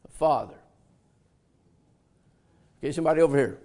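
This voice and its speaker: A man's voice: a little high, normal speed, a little mellow. An older man preaching a sermon, drawing answers from his congregation, repeating them back and telling homey stories with a laugh. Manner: folksy storytelling with laughs. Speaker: pastor.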